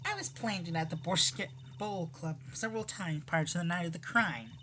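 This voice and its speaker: A sly, cocky card dealer with a put-on Russian accent and a bright, forceful edge, as a woman voices her. She drawls through her scheming in a smug, slow way, like a game's con artist. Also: lowish voice, a little hiss or hum, natural voice. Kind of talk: voicing a visual novel playthrough.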